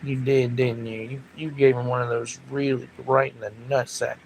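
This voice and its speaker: A man chatting casually with viewers on a livestream, telling rambling stories with animated outbursts. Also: mid-range voice, moderate pace, hardly any pauses, slight background noise, rough recording. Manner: rambling, animated storytelling with loud laughing outbursts. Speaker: livestream host.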